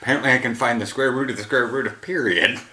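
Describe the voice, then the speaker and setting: A tired man, just back from a run, hosts a casual film chat, rambling and often trailing off before finishing a thought. His medium-pitched voice moves fast with a sharp edge, and the room gives it a roomy echo.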